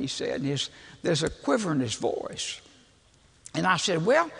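Older preacher, folksy and gravelly. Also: male voice, on the high side, sing-song, unhurried, long pauses, a bit bright. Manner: folksy, humorous, self-deprecating storyteller. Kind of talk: storytelling sermon. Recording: long hall reverb.

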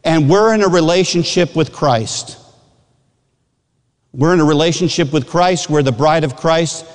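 A man in his fifties from Michigan, a pastor preaching a sermon with lively acted-out illustrations and sudden shouts. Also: on the high side, big-room sound.

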